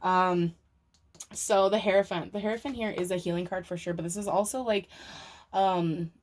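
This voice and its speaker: A woman's voice: fairly low pitch, steady tone, moderate pace. A young woman giving a casual, rambling tarot reading to camera. She uses lots of fillers and swears casually. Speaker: tarot reader.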